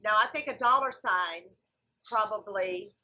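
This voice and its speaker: Husky bright-voiced woman guest. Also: medium pitch, unhurried, dull audio. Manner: enthusiastic, explains at length. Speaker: guest comedian. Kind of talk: casual podcast chat.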